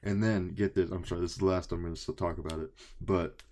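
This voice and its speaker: A young man with a very low voice co-hosts a casual podcast. He tells stories in a loose, animated way and swears freely. He keeps slipping into the voices of the people he quotes. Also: fast. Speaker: podcast co-host. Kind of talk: casual chat.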